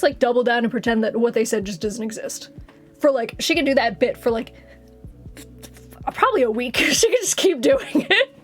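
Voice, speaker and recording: A woman streamer in casual livestream chat, rambling and giggly, swearing casually as she talks. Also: high-pitched.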